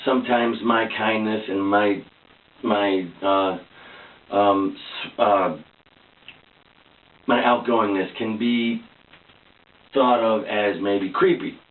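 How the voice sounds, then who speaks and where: Male vlogger, low-ish voice, sincere and meandering, tinny distant echoey recording. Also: steady tone, slow, pauses often. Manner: earnest, rambling, repeats himself with restarts. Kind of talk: casual personal talk to camera.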